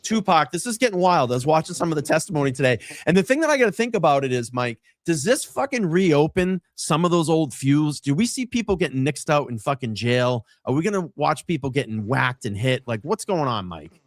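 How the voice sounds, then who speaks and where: A man's voice: on the high side, very animated, brisk, dry recording, clean studio sound. Brash, profane man on a stream. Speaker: co-host. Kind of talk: casual streaming chat. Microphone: streaming mic.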